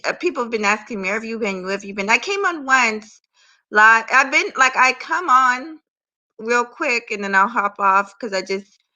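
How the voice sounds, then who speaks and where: A woman's voice: a little high, sharp tone, rough recording. A woman chatting casually as a guest from her bed, drowsy from medication and hesitant, stammering as she talks. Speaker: guest on a live stream. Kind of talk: casual chat. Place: in bed at home.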